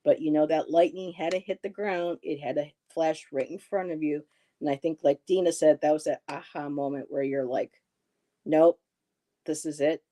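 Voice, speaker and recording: Chatty woman doing live card readings, soft mellow voice, laughs a lot. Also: deep voice, fairly even intonation, moderate pace. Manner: chatty, reassuring, reads chat comments aloud, laughs often. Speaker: tarot reader and live-stream host.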